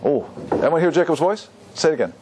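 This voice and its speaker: A rabbi giving a lively Torah class to an audience, often asking them questions. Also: male voice, a little high, fast talker, noisy background. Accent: Ashkenazi Hebrew pronunciation.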